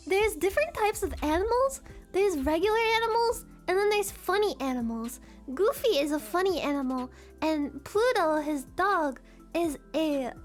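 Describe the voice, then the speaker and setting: A woman streaming, rambling chattily and giggling at herself in a casual chat. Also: very high voice.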